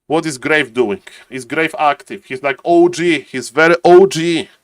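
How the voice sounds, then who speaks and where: A man's voice: on the high side, measured pace, dry recording, clean studio sound. A man chatting casually on a live stream, greeting viewers by name and thinking aloud as he waits for a match. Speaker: streamer and caster.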